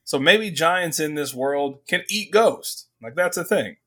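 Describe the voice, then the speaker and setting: Animated man hosting a comic book podcast. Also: on the high side. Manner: animated, acts out characters' lines in quick voices, laughs often. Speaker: podcast co-host. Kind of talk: casual comic book review chat.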